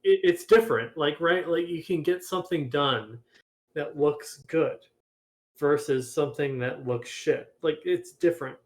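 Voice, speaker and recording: A man's voice: a little high, unhurried. A man, a game developer, talking casually in a group voice chat, rambling with many restarts while he has the hiccups.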